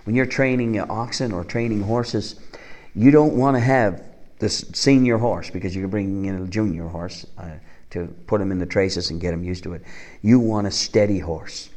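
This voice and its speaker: A man's voice: fairly low pitch, normal speed, a little mellow. A man preaching a sermon, earnest and asking the congregation rhetorical questions.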